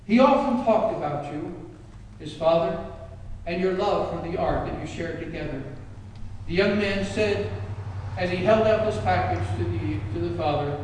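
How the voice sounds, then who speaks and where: A man's voice: sits high, moderate pace, a little mellow. A male preacher telling a story in a dramatic, emphatic sermon. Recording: echoey hall, distant mic.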